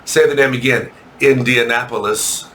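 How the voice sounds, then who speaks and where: Man teaching a slow, playful English lesson. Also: mid-range voice, lively intonation, a bit bright, a little hiss or hum. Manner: joking, playful asides; spells and repeats words slowly. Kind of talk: classroom lesson reading aloud.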